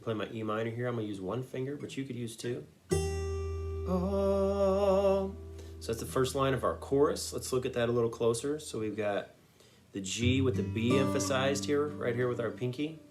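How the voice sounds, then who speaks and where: Brisk and medium-pitched, a man leads a step-by-step guitar lesson, going through a song note by note. He patiently covers every finger movement and now and then sings a lyric.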